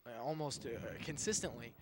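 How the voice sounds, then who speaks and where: A young man adds color commentary at a school soccer game, pausing and restarting often as he talks. His voice is caught outdoors, with clear background noise from the field around him. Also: medium pitch, lively intonation. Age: young adult. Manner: hesitant, many uhs and restarts. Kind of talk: live sports commentary.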